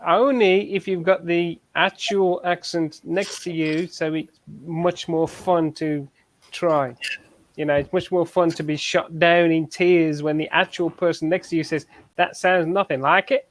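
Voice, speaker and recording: Guy with a pretty high voice teasing his mates, dead dry mic. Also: fairly even intonation, unhurried, dry recording. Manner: teasing banter. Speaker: regular in the hangout. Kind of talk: casual chat among friends.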